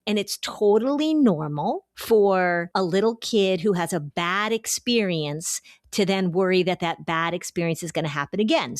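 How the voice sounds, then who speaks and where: Middle-aged female host, low-pitched and dry, encouraging and expressive in casual chat. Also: no room sound. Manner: warm, expressive and encouraging, explains with everyday examples. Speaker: podcast host and anxiety therapist.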